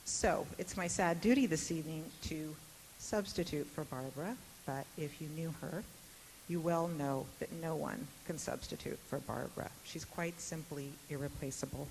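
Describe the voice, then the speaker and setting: A woman with a low voice moderates a university panel in a lecture hall. She talks with wit and easy fillers. The recording carries a long hall reverb and a faint hiss. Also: moderate pace, creaky. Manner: warm tribute, witty, chatty with fillers. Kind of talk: public talk.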